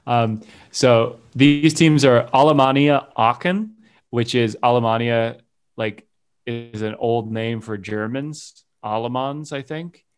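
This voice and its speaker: A man hosting a casual podcast chat, playful and quick to laugh at his own jokes. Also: medium pitch, smooth. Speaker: podcast host.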